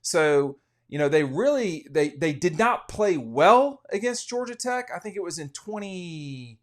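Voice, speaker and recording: Man, sports podcast host, casual betting talk, rambling and opinionated, somewhat high-pitched. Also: expressive, a little slow. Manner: opinionated, rambling, frequent restarts.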